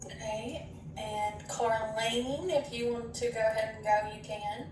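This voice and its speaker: A woman's voice: on the high side, steady tone, unhurried, noisy background. A woman, a therapist running an online group, calling on members politely. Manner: friendly, calling on people politely. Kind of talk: leading an online group session. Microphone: video call. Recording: echoey, distant call audio.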